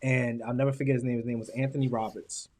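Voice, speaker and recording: A young adult man, a podcast guest, talking in a casual, slangy, animated way and acting out voices as he tells stories. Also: mid-range voice, fast talker, a little hiss or hum. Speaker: podcast guest, professional speaker. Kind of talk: casual storytelling chat.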